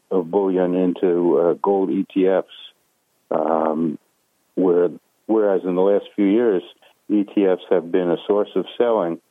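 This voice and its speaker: A man with a very low voice speaks as a guest analyst over a tinny phone line. He talks in a measured way, stopping often on fillers and restarts. The sound is dry and close, with no room around it. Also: no echo. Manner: measured, hesitant with many fillers. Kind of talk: phone interview.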